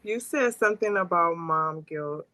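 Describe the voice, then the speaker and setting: A woman's voice: fairly low pitch, measured pace, pushed and bright. Supportive woman co-host in casual chat. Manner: supportive, frequent agreeing interjections. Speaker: podcast co-host.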